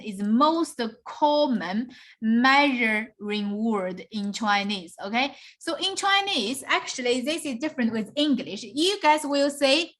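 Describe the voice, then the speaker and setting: A woman with a slightly high voice gives a beginner Mandarin lesson. She explains step by step and keeps checking that her students follow along. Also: a bit bright. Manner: patient explaining, often checks in with "okay?" and "right?". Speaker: Mandarin teacher. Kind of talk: online beginner language lesson.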